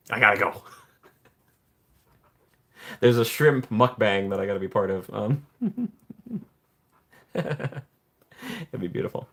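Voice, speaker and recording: A husky-voiced man goes slowly and pauses often while hosting a casual stream and joking about what viewers write. He laughs frequently, and his pitch jumps when he's excited.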